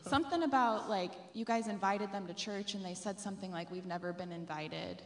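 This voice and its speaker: A woman's voice: mid-range voice, a little fast, echoey room. A young woman sharing a reflective church testimony in an earnest way.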